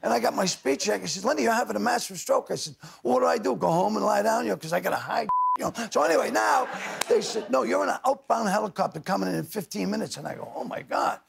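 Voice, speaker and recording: Older guy, super gravelly raspy voice, big swoopy pitch, loud storyteller. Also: animated, a crowd in the background. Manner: loud rapid storyteller, doing voices of others. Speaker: talk show guest. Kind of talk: storytelling anecdotes on a talk show. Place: TV studio with audience.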